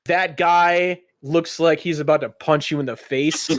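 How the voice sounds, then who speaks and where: A man's voice: on the high side, steady tone, measured pace, dry recording, clean studio sound. A man narrating as game master of a tabletop game, describing scenes in a rambling way with many fillers.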